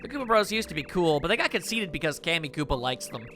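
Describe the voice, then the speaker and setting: A man putting on a feisty little bomb girl from a video game, her voice pushed up high and bouncing all over as she rants and cheers. Her tone is bright and sharp, with soft music in the background. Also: very animated. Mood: chatty. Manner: spunky, quick to anger, pitched up high. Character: feisty young female bomb creature. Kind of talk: voicing game dialogue.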